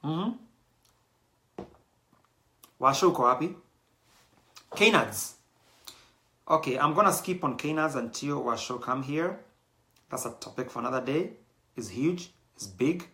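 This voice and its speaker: A man's voice: medium pitch, animated, moderate pace, fairly bright tone. A man hosting his own show, talking casually and animatedly to the audience, with many fillers and bits of Swahili slang. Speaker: show host.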